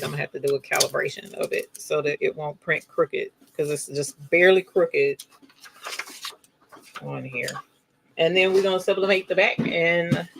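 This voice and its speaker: A woman's voice: on the low side, gravelly, fairly bright tone, slight background noise. A woman hosting a crafting livestream, chatting casually and gushing to her viewers. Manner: gushing, addresses viewers as y'all. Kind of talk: casual live demo chat.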